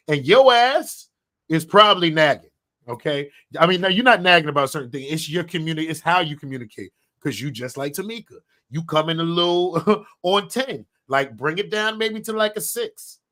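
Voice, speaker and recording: A man hosting a podcast in casual chat, animated and laughing, swinging between loud outbursts and quiet asides. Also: a little high. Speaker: podcast host.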